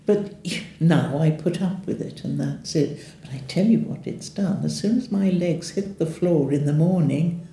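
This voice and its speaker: The older woman's low, creaky voice runs at normal speed with hardly any pauses. In her interview testimony as a patient, she talks frankly and wryly and imitates the people she quotes, recorded in an echoey room with soft background music.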